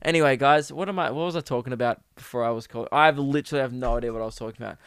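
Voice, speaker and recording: A man's voice: medium pitch, rapid-fire, fairly bright tone, clean tone, no room sound. Crude comedy podcaster, young man. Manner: crude, riffing, acts out silly bits. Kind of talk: rambling comic monologue.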